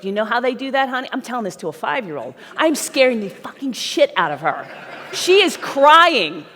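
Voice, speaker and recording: Speaking at a conference, a middle-aged sales trainer delivers a blunt, emphatic seminar to a live crowd and keeps asking "right?". Her slightly high voice is sing-song, pushed and bright, moving a little fast through the long reverb of a big hall.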